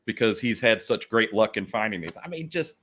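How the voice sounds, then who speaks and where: A man's voice: fairly low pitch, expressive, a little fast, a bit bright, slightly rough. A man chatting as a guest on a livestream video call, rambling enthusiastically and poking fun at himself. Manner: rambling, enthusiastic, self-deprecating. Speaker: guest toy collector. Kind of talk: casual livestream chat.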